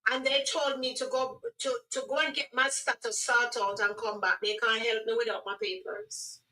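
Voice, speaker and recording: A middle-aged woman with a Jamaican accent, earnestly telling her life story as a guest, with halting restarts. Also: fairly high pitch, flat delivery, sharp tone, far from the mic, low-quality recording. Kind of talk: personal testimony on a radio livestream.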